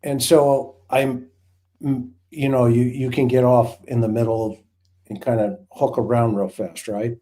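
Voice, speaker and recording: A man's voice: mid-range voice, little pitch movement, measured pace, warm tone. A former hostage negotiator, a man, telling a rambling, vivid story in casual chat with many restarts.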